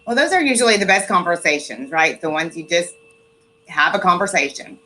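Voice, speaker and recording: A woman's voice: on the low side, animated, a little fast, bright, forceful tone, a little hiss or hum, low-quality recording. A woman hosting a casual interview, chatty and self-deprecating, with lots of fillers. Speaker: host.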